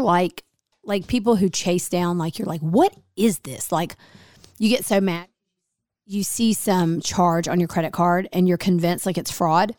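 A woman co-hosting a podcast, chatty and animated, full of fillers. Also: lowish voice, no echo, studio quality. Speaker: podcast co-host. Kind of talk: casual podcast chat.

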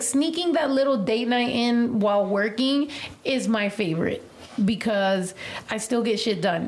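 A woman hosting a casual livestream chat, telling animated stories full of "like". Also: medium pitch. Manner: animated storytelling, heavy use of "like". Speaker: livestream host.

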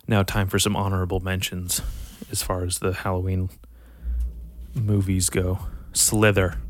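Low-voiced, profane man ranting casually. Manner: profane, animated, rambling with frequent sighs. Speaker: vlogger reviewing horror movies. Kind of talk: casual rant to camera.

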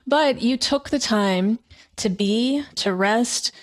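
A woman's voice: on the high side, slow pace. Thoughtful woman interview host. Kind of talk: casual interview chat.

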